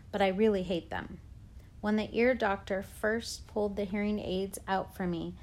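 A woman reading a chapter book aloud in a steady, clear way. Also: mid-range voice.

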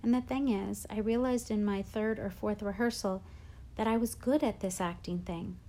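A woman reading a first-person novel aloud with measured, expressive storytelling. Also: medium pitch. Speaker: audiobook narrator.

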